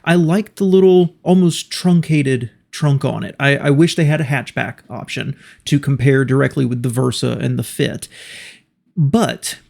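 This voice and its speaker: A man's voice: mid-range voice, measured pace, creaky, a little mellow. A man hosting a car reaction video, talking casually and giving his opinions as he thinks aloud.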